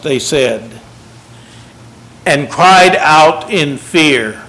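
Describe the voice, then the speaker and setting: An older man preaching a sermon, folksy and self-deprecating, unhurried. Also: fairly high pitch, fairly bright tone, low-quality recording.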